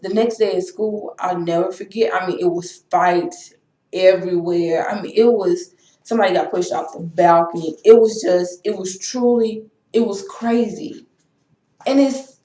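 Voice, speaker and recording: A woman's voice: fairly low pitch, darkish tone. A young woman, talking in an impassioned, repetitive way in a personal vlog. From Texas. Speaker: vlogger. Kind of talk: emotional personal vlog rant. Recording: echoey room.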